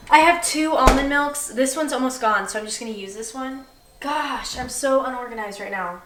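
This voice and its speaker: A woman's voice: sits high, expressive, normal speed, a bit bright, a little hiss or hum. A young woman chatting casually and self-deprecatingly while she bakes in her kitchen, rambling as she goes. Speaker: vlogger. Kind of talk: casual baking vlog chat. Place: home kitchen. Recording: roomy kitchen, mic at a distance.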